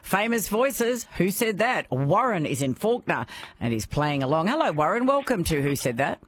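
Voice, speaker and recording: An Australian woman hosting a radio quiz, bubbly and quick to laugh. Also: on the low side, sing-song, husky. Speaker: radio host. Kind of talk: radio quiz show chat.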